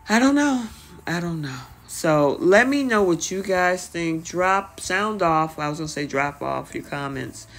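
A reality-show recap host talks in a casual, chatty way. The delivery is animated and swings in pitch, acting out the cast's lines in quick bursts. The voice sits at a middle pitch, with frequent "you know" fillers. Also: vocal fry.

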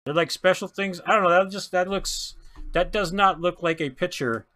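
A man giving chatty, excitable commentary while opening baseball card packs, often stumbling over player names and laughing. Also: high-pitched, normal speed. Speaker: card pack breaker.

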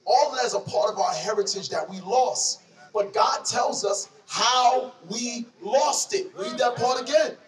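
A man's voice: very high-pitched, a little slow. A man teaching scripture to a crowd in a slangy, conversational call-and-response style, quizzing his listeners. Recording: distant mic amid a lively crowd.

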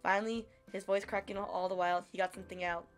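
Soft music plays in the background as a female streamer reads a romance visual novel aloud, gushing and playful in her reactions. Her pitch is medium and she speaks quickly.

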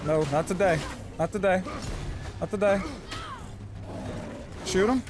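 A man streaming live gameplay, talking through fights with a lot of swearing and frustrated yelling. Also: high voice, a little slow. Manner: excitable, swearing, yells in frustration. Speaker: gaming streamer. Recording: game music behind the voice.

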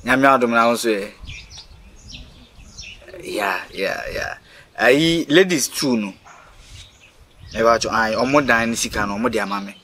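An actor playing a boastful, coaxing property agent in a comedy film. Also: male voice, medium pitch, normal speed, pauses often, bright, forceful tone, a little hiss or hum, natural voice. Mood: bargaining.

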